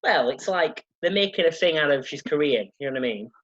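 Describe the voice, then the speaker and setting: A man's voice: on the high side, lively intonation, fairly quick. Sarcastic, sweary man ranting. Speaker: podcast host. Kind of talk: casual ranting review. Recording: dull lo-fi sound.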